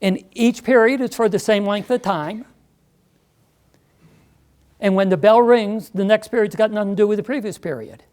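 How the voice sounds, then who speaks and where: A man's voice: high voice, darkish tone, smooth. Emphatic man presenting to a meeting. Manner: emphatic, persuasive, quick asides to the audience. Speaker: education speaker presenting to a school district. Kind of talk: live presentation. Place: meeting room.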